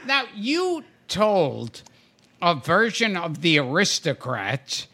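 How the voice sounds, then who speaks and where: A man's voice: high voice, huge pitch swings, slow, bright, forceful tone. A man hosting a podcast, asking his guest questions in a leisurely, enthusiastic manner. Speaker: podcast host. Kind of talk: conversational interview.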